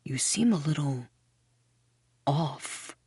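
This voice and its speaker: A woman narrator voicing a suspicious man she calls the goblin, speaking low and probing, in a slow audiobook reading. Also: animated, no echo, clean studio sound. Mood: hushed. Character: suspicious middle-aged man nicknamed the goblin.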